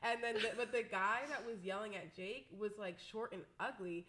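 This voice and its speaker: A young woman co-hosting a podcast, telling a story in casual chat, animated and profane, acting out what people said. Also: mid-range voice, moderate pace, background noise. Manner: animated, profane, acts out quotes. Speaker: podcast co-host.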